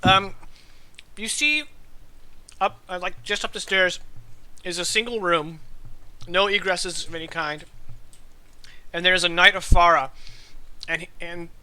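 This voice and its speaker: A man narrating a tabletop game as game master, describing scenes in a loose, halting way. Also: high-pitched, fairly even intonation, sharp tone, low-quality recording.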